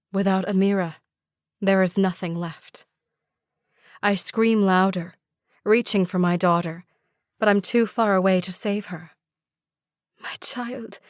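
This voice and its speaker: A woman's voice: medium pitch, dry recording. A woman narrating a first-person fantasy audiobook in a dramatic way, recorded on a close studio microphone. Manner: dramatic, with rising cries in dialogue.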